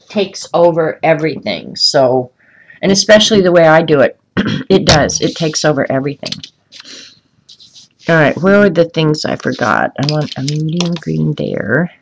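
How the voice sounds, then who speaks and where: A woman's voice: deep voice, low-quality recording. A woman talks casually into a desk mic while she colors on a live stream. She rants and replies to viewers by name. There is a faint hiss behind her voice. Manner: chatty, ranting, answers viewer comments by name. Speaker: livestream host coloring art.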